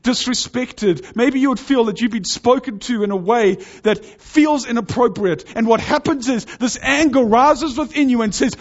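A man's voice: high voice, moderate pace, few pauses. A man preaching a sermon to his congregation, earnest and urging, pressing his points with rising intensity. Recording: dull lo-fi sound.

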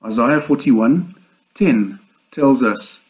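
A man delivering a sermon in a measured, earnest way, with slow emphatic pauses. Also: mid-range voice, animated, a little mellow, poor audio. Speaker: preacher.

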